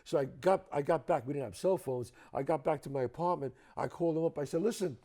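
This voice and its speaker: New York man telling stories, mellow voice. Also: a little high, fast. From the Bronx, New York. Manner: emphatic, profane, acts out other people's lines. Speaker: guest. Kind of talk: animated storytelling. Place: at a home.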